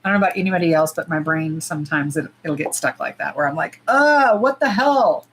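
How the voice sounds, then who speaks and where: Middle-aged woman, lower voice, casual livestream chat, blunt and profane, faint background noise. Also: fast talker, rough recording. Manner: blunt, profane and animated, jumping to loud squeals. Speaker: nail polish livestream host.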